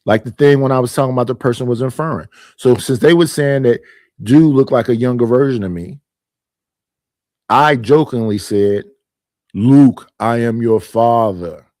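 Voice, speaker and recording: A man's voice: medium pitch, fairly quick, a little mellow, no room sound, studio quality. Emphatic man venting on his stream. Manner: emphatic, argumentative, repeats his points. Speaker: streamer and panel host. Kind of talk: casual monologue on a live stream.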